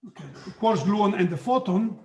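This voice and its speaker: High-voiced man lecturing, echoey room. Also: warm tone, dull audio. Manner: halting, many restarts and "okay"s. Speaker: physics lecturer. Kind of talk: live online lecture. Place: hot room.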